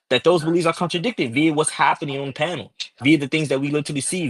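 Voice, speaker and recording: A man's voice: a little high, a bit bright, breathy edge, no echo, poor audio. Profane, combative male debater. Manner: profane, combative, repeats "right?" and "okay?". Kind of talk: heated online debate.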